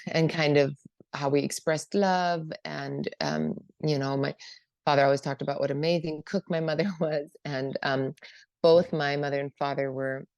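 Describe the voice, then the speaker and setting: A woman sharing her recovery story at a meeting, emotional and hesitant, with many pauses and fillers. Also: sits low, steady tone, darkish tone, no room sound. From Germany. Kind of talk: personal testimony at a meeting.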